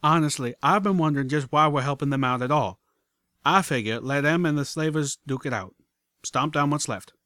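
A man plays a plain-spoken male pegasus pony gunslinger with a folksy drawl, lifted a little above his own pitch and leaning loud. Blunt and sure of himself, in a storybook reading with a dry close sound. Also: fairly quick, no room sound.

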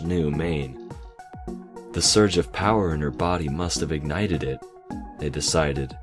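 A man narrating a fan fiction story, reading in a slow, measured way with small slips. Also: very deep voice.

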